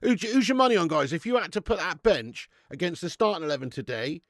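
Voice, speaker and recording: Gravelly, sweary bloke hosting a watch-along. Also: male voice, high voice, expressive, fast talker, no echo, studio quality. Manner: sweary, laughing banter with chat. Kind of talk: live football watch-along chat with viewers.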